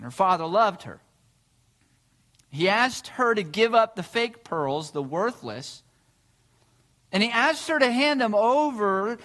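High-voiced animated male preacher. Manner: animated storytelling, earnest rhetorical questions. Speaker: pastor. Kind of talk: sermon.

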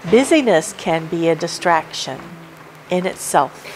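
A woman's voice: on the low side, expressive, a little slow, slight background noise, low-quality recording. A woman preaching a sermon at a church service, emphatic and repeating her key points as she works through a numbered list. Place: church sanctuary.

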